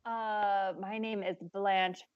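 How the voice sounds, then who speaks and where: A woman's voice: mid-range voice, little pitch movement, slow, clear, resonant tone, no room sound, dull audio. A woman playing a tabletop game, giggly and easygoing. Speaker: player. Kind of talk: casual tabletop play.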